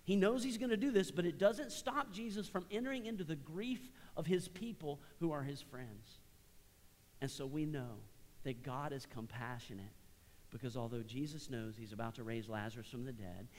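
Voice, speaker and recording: Man preaching in a reverberant hall. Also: on the high side. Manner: conversational preaching, swinging between raised emphasis and soft, hushed passages. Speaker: pastor. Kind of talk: sermon. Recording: long reverb of a large hall.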